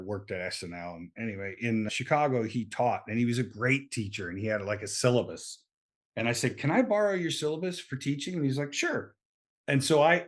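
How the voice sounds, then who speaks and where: A middle-aged man, an actor and comedian guest on a podcast, telling stories in casual chat and acting out the lines of people he quotes. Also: medium pitch. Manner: animated storyteller who acts out quoted lines.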